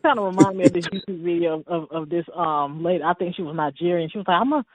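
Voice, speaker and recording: A woman's voice: on the low side, fairly even intonation, quick pace. A woman with a Southern US accent, chatting casually and reacting as a co-host. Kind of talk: casual chat. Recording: tinny phone line.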